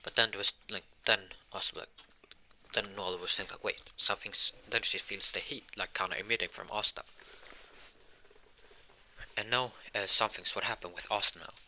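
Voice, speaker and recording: A man with a low voice and a sharply bright tone tells an improvised fan story. He rambles, restarts sentences and leans on filler words as he goes. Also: fairly even intonation, moderate pace, long pauses, a little hiss or hum. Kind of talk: improvised fan-fiction narration.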